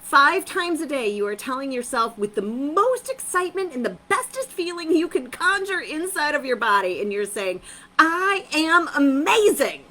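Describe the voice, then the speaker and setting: A woman's voice: high voice, sing-song, moderate pace, few pauses, pushed and bright, poor audio. A woman hosting a live-streamed motivational talk, upbeat and emphatic, repeating her phrases and laughing often.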